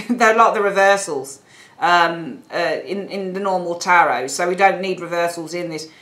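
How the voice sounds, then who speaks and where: A woman's voice: on the low side, moderate pace, fairly bright tone. A woman with a British accent giving a chatty, rambling tarot reading, with lots of asides to her viewers. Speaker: tarot reader. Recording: echoey room.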